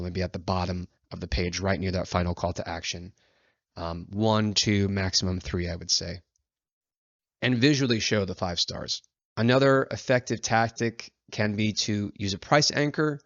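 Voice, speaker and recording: A man with a fairly low voice talks through sales page tips in a loose, conversational way, dropping in fillers and acting out sample lines. The sound is dry and close, a little dull and muffled. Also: a bit bright, no echo. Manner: chatty, many fillers, acts out example lines. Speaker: agency founder teaching copywriting. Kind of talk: casual instructional talk.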